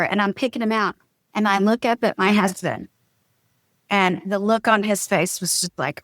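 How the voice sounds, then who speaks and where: A woman tells marriage stories in a relaxed podcast chat. She acts out quotes with lively swings in her voice. The sound is dry and close. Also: mid-range voice, normal speed, no room sound. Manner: animated storyteller acting out quotes. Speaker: podcast guest, marriage coach. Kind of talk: casual storytelling chat.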